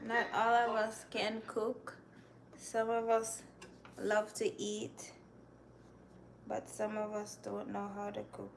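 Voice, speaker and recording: A woman's voice: mid-range voice, completely flat delivery, takes it slowly, gravelly, long pauses, a little hiss or hum. A young Jamaican woman with a Jamaican accent, chatting with viewers on a cooking livestream and answering their comments. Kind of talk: casual live-stream chat while cooking.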